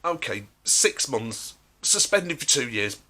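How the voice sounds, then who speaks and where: A man voicing a brisk, dismissive judge passing sentence. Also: medium pitch, very animated, sharp tone, heavily acted. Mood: curt. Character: curt older male judge passing sentence.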